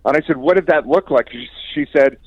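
A man's voice: fairly high pitch, a little fast, dry recording. Older male guest, chatty storyteller, lo-fi dry interview audio. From Canada. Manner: chatty anecdotal storyteller, chuckles often. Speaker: guest musician. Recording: dry, dull lo-fi sound.

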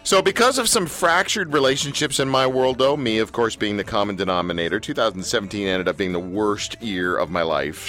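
A man hosts a live radio talk show with a bright, ringing voice whose pitch swings all over the place. He talks candidly and pokes fun at himself, and a faint music bed plays behind him. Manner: candid, self-mocking, animated. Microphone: studio microphone.

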